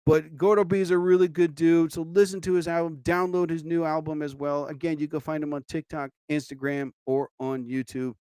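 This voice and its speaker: Man, live-show host, rambling casual monologue; clear, smooth voice, dry close sound. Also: a little high, flat delivery, fairly quick, few pauses, darkish tone, dry recording. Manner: rambling, chatty, many "you know" asides.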